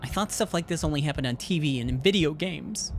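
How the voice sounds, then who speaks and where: A man's voice: fairly high pitch, lively intonation, a little fast, faint music behind. A man streaming, reading a visual novel's text aloud expressively, with casual asides.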